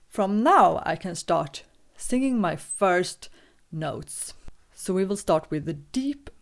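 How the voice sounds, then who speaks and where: A woman teaching singing, walking through a vocal warm-up with calm, patient step-by-step instructions. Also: on the low side, takes it slowly.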